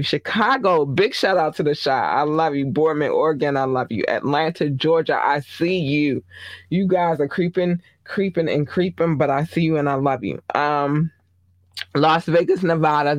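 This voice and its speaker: A show host from Baltimore giving casual, effusive and affectionate shout-outs to listeners, with big playful jumps in pitch. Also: no echo. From Baltimore, Maryland. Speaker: podcast host.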